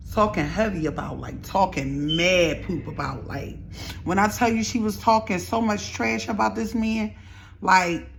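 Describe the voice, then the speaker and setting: Animated young woman telling a storytime. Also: fairly low pitch, gravelly. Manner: animated, slangy, chatty storytelling. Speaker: vlogger. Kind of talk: storytime vlog while doing makeup.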